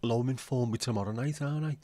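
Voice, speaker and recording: A man hosts a casual livestream in an easygoing, middle-pitched voice. He rambles through jokes and banter aimed straight at his viewers. The sound is dry and close, with no room echo. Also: very fast, mellow. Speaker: livestream host.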